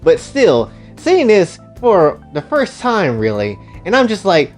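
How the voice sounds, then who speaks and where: A man rambling through a crude comedic retelling, talking straight to his viewers with excitable asides. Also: sits high, slow, soft background music. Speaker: storyteller, channel host.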